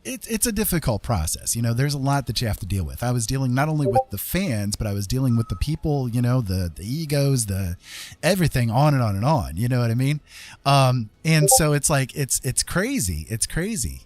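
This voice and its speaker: A man's voice: medium pitch, big pitch swings, a little fast, darkish tone, dry recording. A middle-aged man hosting a livestream, talking casually in a loose, rambling way with lots of fillers and restarts. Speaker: livestream host.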